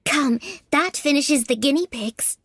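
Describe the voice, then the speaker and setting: Man playing a prim young girl, earnest, very high falsetto, storybook heroine, dry close sound. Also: a little slow, creaky, fairly bright tone, no echo, full character voice. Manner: prim and earnest, turning bold. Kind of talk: audiobook character voice.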